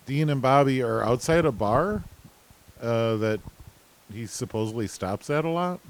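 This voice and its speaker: A man's voice: mid-range voice, animated, unhurried, poor audio. A man co-hosting a casual recap chat, laid-back and hesitant, with many fillers. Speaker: podcast co-host.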